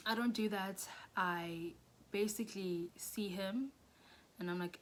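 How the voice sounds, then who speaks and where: A young South African woman telling a storytime vlog, animated, often dropping into whispers and rising into shrill bursts. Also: slow, long pauses. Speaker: YouTuber.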